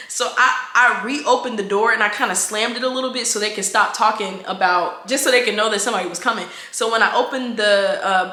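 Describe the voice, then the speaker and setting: A woman, telling a casual storytime, animated and slangy, acting out the dialogue. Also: mid-range voice. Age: 20s. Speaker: vlogger. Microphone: camera mic. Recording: echoey room.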